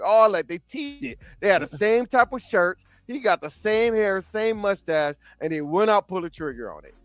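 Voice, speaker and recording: A man's voice: sits high, normal speed, few pauses, dry recording. A man hosting a casual comic book chat show, telling stories and laughing often. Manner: laughs often, animated storytelling. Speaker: host.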